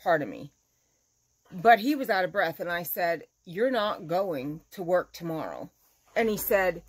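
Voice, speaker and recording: A woman's voice: on the low side, lively intonation, unhurried, husky. Chatty woman vlogger telling a story. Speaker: crochet vlogger. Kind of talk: casual chat to camera.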